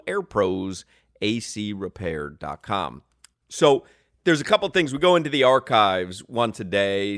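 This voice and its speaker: A man's voice: sits low, a bit bright, dry recording, clean studio sound. A man co-hosting a radio show, bantering with a laugh and reading sponsor copy. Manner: joking, laughs often, reads sponsor copy. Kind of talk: sports radio banter and live reads.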